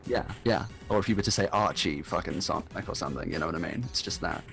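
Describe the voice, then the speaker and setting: Low-voiced rambling man with a sore throat. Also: fast, gravelly, a bit bright. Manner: rambling, swears a lot, many fillers. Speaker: guest on a livestream. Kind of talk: casual chat. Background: faint game music.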